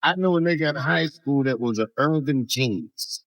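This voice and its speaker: A man doing a stand-up comedy set, telling profane stories with big swings in pitch and volume. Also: moderate pace, no room sound, rough recording. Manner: profane storytelling with wide swings in pitch and loudness. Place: comedy stage.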